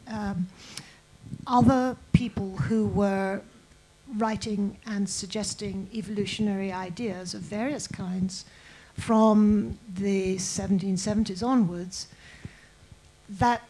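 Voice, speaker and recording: A woman's voice: mid-range voice, warm tone, low-quality recording. A woman historian speaking in a conversational public talk, thoughtful and a little hesitant, with occasional restarts. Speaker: guest historian.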